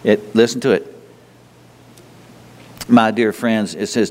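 A man's voice: on the low side, fairly even intonation, slow, long pauses, darkish tone. A man preaches in a church, speaking conversationally with his congregation. He often repeats words and asks them rhetorical questions. His voice carries a long reverb from the hall. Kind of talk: sermon. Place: church sanctuary.

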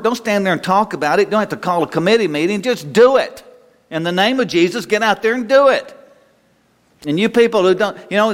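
A man preaching a sermon in a conversational, folksy way that rises into bursts of exhortation, recorded in a church sanctuary. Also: a little high. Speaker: pastor. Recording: long reverb of a church hall.

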